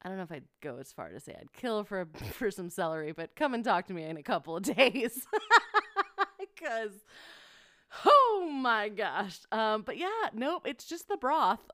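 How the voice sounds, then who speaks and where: A woman's voice: medium pitch, clean tone, no room sound. A young woman hosting her own podcast, chatting emotionally with many fillers and giggles into a close mic. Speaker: podcast host. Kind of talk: casual solo podcast chat.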